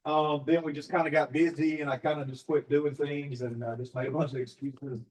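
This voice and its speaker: A man from Alabama giving a testimony to a live audience, telling his story haltingly with many fillers. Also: fairly high pitch, level tone, recorded from a distance, rough recording. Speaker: business partner sharing his story.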